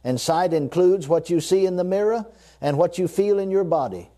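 A man's voice: high voice, animated, normal speed, mellow. A man preaching a sermon, emphatic and repetitive, leading his listeners to repeat lines after him. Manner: emphatic, repetitive, leads the listeners in spoken confessions.

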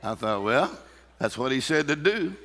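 A man preaching with a gravelly, bright edge to his voice. He calls out to the congregation and breaks into bursts of deliberate laughter, and long reverb from a church hall trails each phrase. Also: medium pitch, sing-song. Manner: fervent preaching with call-and-response and repeated laughter. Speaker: pastor. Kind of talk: sermon.

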